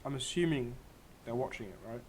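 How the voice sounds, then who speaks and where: A man's voice: medium pitch, brisk. A young man co-hosting a casual TV review, chatty and enthusiastic, often correcting himself. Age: young adult. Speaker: co-host reviewing a TV series. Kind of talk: casual chat.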